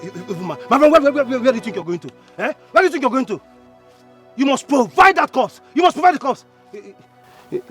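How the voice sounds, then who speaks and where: An actor with a Nigerian accent playing an angry, grieving younger brother who shouts, stammers and keeps repeating himself. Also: male voice, extremely high pitch, animated, fast, slightly rough, soft background music, exaggerated voice. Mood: furious. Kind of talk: Nollywood film acting.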